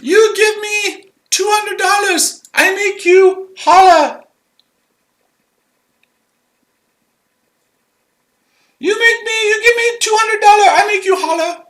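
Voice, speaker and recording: A man's voice: very high-pitched, steady tone, a little slow, few pauses, a bit bright, roomy sound, voice pushed up, low-quality recording. A man putting on a mocking phone scammer with a fake Indian accent, pushy and repetitive in broken English. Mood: taunting. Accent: put-on Indian.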